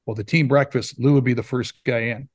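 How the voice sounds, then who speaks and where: Man, middle-aged, animated storyteller, lots of ums and uhs, mid-pitched, dry sound. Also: brisk, breathy edge, dry recording. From Saskatchewan, Canada. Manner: rambling, animated anecdote telling with many fillers. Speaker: former pro hockey player, now scout. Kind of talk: casual storytelling in a podcast interview.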